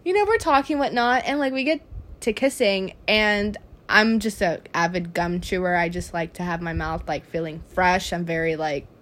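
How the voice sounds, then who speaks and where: A woman's voice: on the low side, normal speed, a bit bright. A young adult woman hosting a casual podcast chat, telling dating stories in a blunt, emphatic way and swearing freely. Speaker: podcast host.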